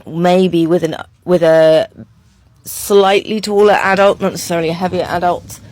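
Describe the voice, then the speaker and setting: A woman talking over her own horse training footage in a relaxed, chatty way, with many ums. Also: on the low side, normal speed, no room sound.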